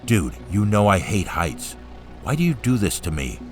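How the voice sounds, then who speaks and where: A man's voice: big pitch swings, unhurried, soft background music, exaggerated voice. A man reading aloud, voicing an anxious young woman who hates heights, in a raised, pleading tone. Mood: panicky. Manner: higher, pleading and panicky.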